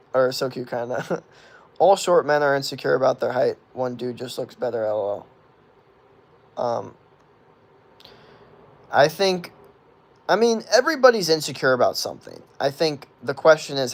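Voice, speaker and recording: Gravelly young man rambling casually. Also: medium pitch, big pitch swings, normal speed, long pauses. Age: 20s. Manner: rambling, filler-heavy with constant "like", swears freely. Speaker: streamer answering chat questions. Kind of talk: casual livestream chat.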